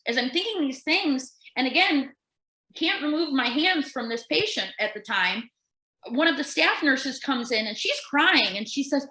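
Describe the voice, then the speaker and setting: A woman tells a story with lively energy and acts out the voices of the people in it as she goes. Her voice is bright and slightly high. The sound is roomy, with a clear echo. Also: moderate pace. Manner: animated storyteller who acts out quoted voices. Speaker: nurse and podcast co-host. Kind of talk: casual storytelling.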